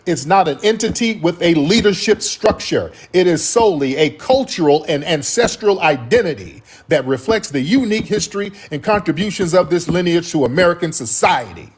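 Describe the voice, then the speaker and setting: A man's voice: a little high, lively intonation, normal speed, hardly any pauses, breathy edge. A man hosting a heated livestream, talking to his chat in a combative, slangy way with plenty of swearing. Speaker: livestream host.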